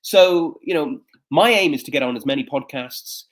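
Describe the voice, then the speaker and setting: A man's voice: on the high side, moderate pace. A man in his fifties, a coach and speaker, telling personal stories in an interview with frequent fillers and restarts. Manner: animated storyteller with frequent fillers. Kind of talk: conversational interview storytelling.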